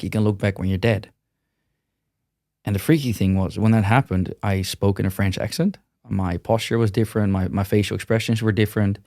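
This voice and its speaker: Man, podcast guest, lowish voice, dry close mic, rambles and restarts a lot. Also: darkish tone, dry recording. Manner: rambling, frequent restarts and repeated words. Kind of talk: casual interview conversation.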